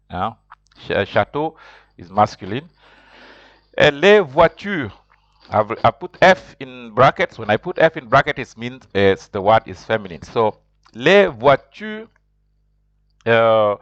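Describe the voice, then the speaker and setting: Halting low-voiced man teaching French. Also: a bit bright, no echo. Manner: halting, many fillers and restarts, asks "huh?" often. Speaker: language teacher. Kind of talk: online French lesson. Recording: slightly dull lo-fi recording.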